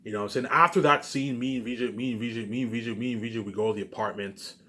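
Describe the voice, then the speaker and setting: A man pitching his movie ideas in a rambling, casual monologue, stumbling over restarts, repeating stock phrases and swearing now and then. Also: fairly even intonation, racing, bright, forceful tone. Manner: repetitive, stumbling restarts, keeps saying "you know what I'm saying" and "obviously".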